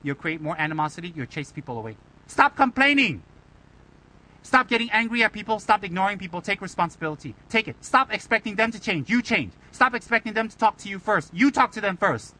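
High, bright-voiced playful Buddhist teacher. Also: male voice, expressive, brisk, rough recording. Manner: playful, teasing, rhetorical questions. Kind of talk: Dharma talk.

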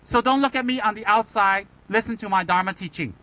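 High, bright-voiced playful Buddhist teacher. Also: male voice, brisk, rough recording. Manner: playful, teasing, rhetorical questions. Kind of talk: Dharma talk.

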